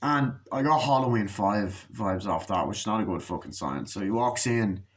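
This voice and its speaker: A young man giving a casual, profane movie review, ranting and acting out scenes in quick put-on voices. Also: fairly low pitch, animated.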